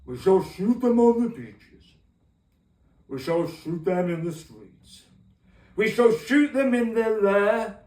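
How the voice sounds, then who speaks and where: A man's voice: sits high, expressive, takes it slowly, darkish tone, recorded from a distance. A man putting on an impression of a defiant old male wartime orator, declaiming grandly. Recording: echoey room, off-mic.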